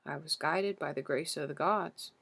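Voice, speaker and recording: A woman reading the part of an aged, grieving king, speaking slowly and humbly with a foreign accent. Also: low-pitched, vocal fry, a bit bright, slightly rough, heavily acted. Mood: pleading. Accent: foreign-accented speech as the figure. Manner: slow, careful pleading speech. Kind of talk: audiobook character reading.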